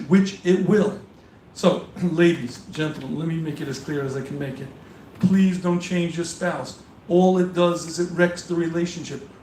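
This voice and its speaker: A high-voiced man lectures a live audience as a rabbi, pressing his points with emphatic repetition. He sounds distant from the mic in an echoey hall with faint noise behind. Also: a little mellow. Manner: emphatic, repeats warnings, acts out questions. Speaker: rabbi giving a marriage seminar.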